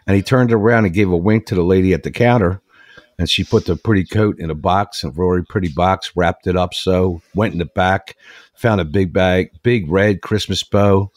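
A low-voiced man hosts a talk show and tells a long story in an earnest, rambling way, restarting phrases as he goes. The sound is dry and close to the mic. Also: normal speed, dry recording. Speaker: radio show host.

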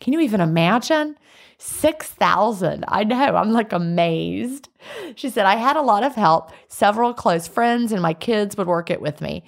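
A woman co-hosting a casual podcast, chatty and quick to laugh as she reads listener letters aloud. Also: medium pitch, expressive, gravelly. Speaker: podcast co-host.

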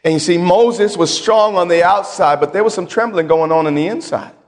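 A man preaching a sermon as pastor, emphatic and folksy, repeating phrases and swinging between loud and quiet. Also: high voice, fairly quick, in a large hall.

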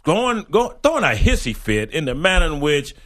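Animated, joking male radio co-host. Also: a little high. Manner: animated, joking, quick to laugh. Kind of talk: casual sports radio chat.

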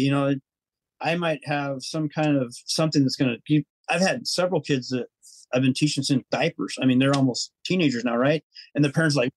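A man's voice: mid-range voice, steady tone, brisk, darkish tone, dry recording, low-quality recording. A man telling his personal story as a podcast guest, earnest and rambling, acting out his own inner thoughts.

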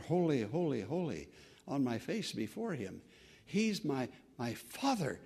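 A man preaching a sermon as pastor, earnest and conversational, swinging from fervent emphasis to soft, quiet phrases. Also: on the high side, slightly rough. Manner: repeats words and restarts, conversational preaching.

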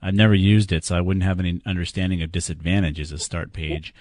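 A low-voiced man hosts a call-in computer radio show, plainspoken and joking as he hands out quick practical tips. His voice is close to a studio mic with a dry, dead sound. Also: level tone, a little mellow, no echo. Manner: plainspoken, jokey, giving quick practical advice. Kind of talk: call-in tech radio talk. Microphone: studio microphone.

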